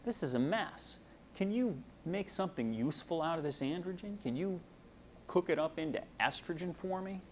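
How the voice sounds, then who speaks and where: A man's voice: on the high side, expressive, normal speed, slight background noise, voice pushed up. A man voicing a bossy hormone who fusses at cells and coaxes them to do a job, in a raised, put-on voice. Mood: coaxing.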